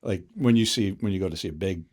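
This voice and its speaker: A middle-aged man, a guest on a podcast, tells stories in casual chat. He is relaxed, chuckles often and starts his sentences over. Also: deep voice, fast talker. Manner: relaxed, chuckling, trailing restarts. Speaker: podcast guest, finance executive.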